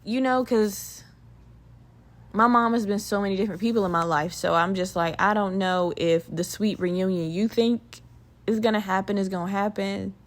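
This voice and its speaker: A woman's voice: mid-range voice, steady tone, moderate pace. A woman hosting a podcast, telling a personal story in a candid, casual way, swearing freely and using lots of fillers. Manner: candid, profane, chatty with frequent fillers. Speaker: podcast host.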